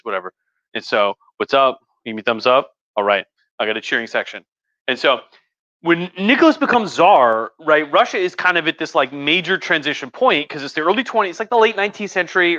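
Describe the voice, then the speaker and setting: A man's voice: medium pitch, lively intonation, fairly quick, pushed and bright, no echo, lo-fi sound. A drunk male history professor giving a rambling, profane, chatty livestream lecture from home, with many restarts.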